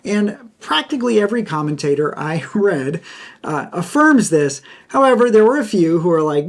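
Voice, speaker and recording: A man's voice: lively intonation, moderate pace, gravelly. A man hosting a Bible teaching podcast who explains a passage in a lecture style. He is emphatic, repeats key phrases and acts out quoted lines. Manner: acts out quoted speech with bright pitch jumps.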